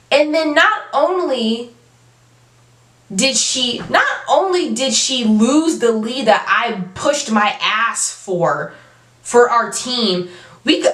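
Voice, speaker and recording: A woman's voice: high-pitched, a bit bright. Young woman, storytime vlogger, emphatic, slangy, roomy echo. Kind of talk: storytime monologue. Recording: roomy, from a distance.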